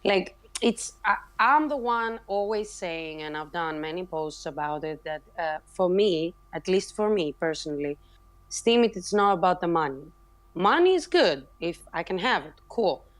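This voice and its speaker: A woman's voice: lowish voice, animated, normal speed. A woman speaking passionately and emphatically in a casual online voice chat, often restarting her sentences. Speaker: community member introducing herself.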